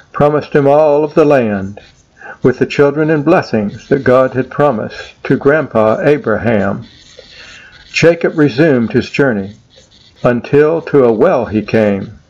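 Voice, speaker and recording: A man narrating a rhyming storybook poem in a measured, sing-song way. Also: medium pitch, darkish tone, lo-fi sound.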